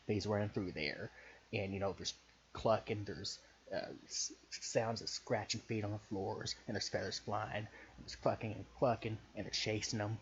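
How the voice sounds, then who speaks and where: Low-voiced Southern man rambling profanely. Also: steady tone, moderate pace. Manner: loose, profane, hesitant, with many fillers. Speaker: podcaster pitching a story idea. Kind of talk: casual rambling storytelling. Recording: muffled recording with faint hiss.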